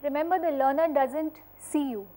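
A woman with a high-pitched voice gives practical tips in an informal spoken lesson. She speaks in a friendly, instructive way, pausing on small fillers and often asking "okay?" to check in with her listeners. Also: dark tone. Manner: uses fillers and restarts.

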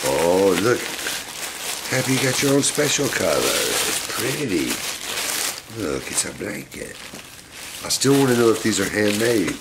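Brief: lower-voiced man, casual unboxing vlog host, fond and chatty, clear background noise. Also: big pitch swings, unhurried, pauses often. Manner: chatty, fond, talks to his pets. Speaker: pet monkey owner and channel host.

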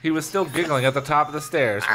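A man's voice: on the high side, very noisy. A man co-hosting a comedy podcast, reading a children's book aloud with playful asides. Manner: playful, laughing, quick asides. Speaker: podcast co-host.

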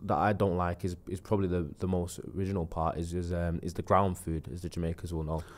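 A man co-hosting a casual live-stream chat, animated, laughing often, trailing off and restarting. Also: low-pitched, fast. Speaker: co-host.

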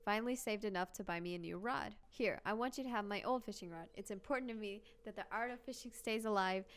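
A woman's voice: mid-range voice, fast talker, lightly acted. A woman voicing a friendly, weathered old male fisherman in a video game, reading his lines plainly. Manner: plain reading of on-screen dialogue.

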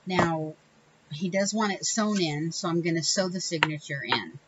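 A woman's voice: on the low side, moderate pace, lo-fi sound, very noisy. A woman hosting a casual crafting video, chatting in a rambling, self-correcting way with small laughs. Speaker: crafting channel host. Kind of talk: casual crafting tutorial chat.

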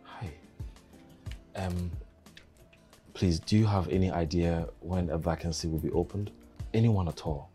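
An actor playing a polite, desperate young job seeker who pleads hesitantly. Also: male voice, low-pitched, steady tone, unhurried, pauses often, warm tone, faint music behind. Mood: pleading.

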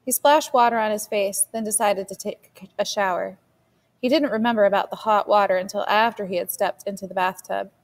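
A woman teacher reads a novel chapter aloud for her class, steady and clear in her storytelling. Her voice sits at an everyday middle pitch. A long reverb rings around every sentence. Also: a little fast.

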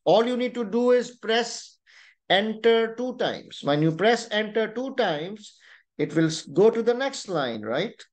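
Slow, high-voiced male tutor with Pakistani accent. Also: big pitch swings. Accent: Pakistani English. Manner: slow, deliberate instruction with frequent "you know" and "right?". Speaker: exam tutor. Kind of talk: online webinar lesson.

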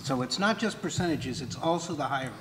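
A man's voice: medium pitch, animated, quick pace, slight background noise, rough recording. A man co-leading a training session who cuts in to add a point.

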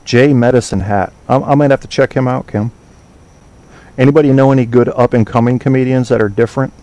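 A man's voice: medium pitch, fairly even intonation, fairly quick, warm tone. A man hosting an online talk show, chatting casually with listeners, rambling, swearing and trailing off while he hunts for names. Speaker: podcast host.

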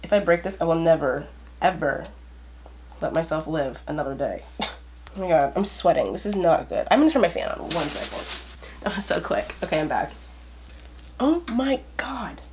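A teenage girl talks through an unboxing in a loose, rambling way, full of fillers. Her voice sits a little low for a girl. A faint hiss runs under the home recording. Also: sing-song, normal speed, long pauses, a little mellow. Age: teens. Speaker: vlogger. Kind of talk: casual unboxing chat.

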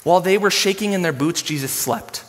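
A male pastor preaching a sermon in a casual, animated storytelling way, full of slang. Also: high-pitched, a little fast. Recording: long hall reverb.

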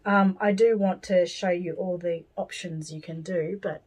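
An Australian woman giving a craft tutorial, rambling cheerfully and thinking out loud with plenty of fillers. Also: fairly low pitch, steady tone, a little slow, breathy edge, poor audio. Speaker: doll-making tutor.

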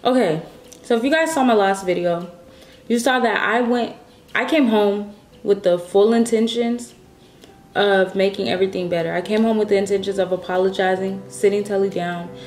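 A woman vlogger vents to her audience at home, upset and close to tears. She rambles, restarts her sentences and swears as her feelings spill out. Her voice bounces around a roomy space, with faint music underneath. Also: fairly low pitch. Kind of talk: casual vlog monologue. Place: at home, indoors.

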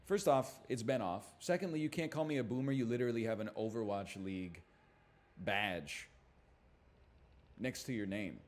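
A man's voice: fairly low pitch, moderate pace. A man streaming live, chatting casually in a sarcastic, mock-outraged way that swings into ranting.

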